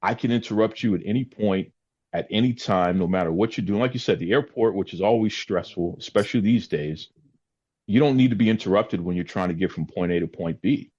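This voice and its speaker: Husky, low-voiced man on dull audio. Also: a little fast, a little mellow. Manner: earnest, lecturing, jumps high when mocking. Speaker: podcast host. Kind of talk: casual podcast chat.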